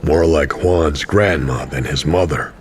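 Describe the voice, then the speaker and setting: A man's voice: a bass voice, slight background noise. A man narrating an audio drama as a tired, cynical wandering pilgrim. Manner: dry, tired, slow narration. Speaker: narrator and main character.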